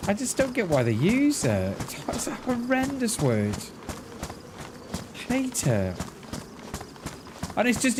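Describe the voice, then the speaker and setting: A man streams a game and chats loosely with his viewers. He rambles, circles back and restarts his words. His voice sits a bit high, and clear background noise runs under the stream audio. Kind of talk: casual chat while gaming.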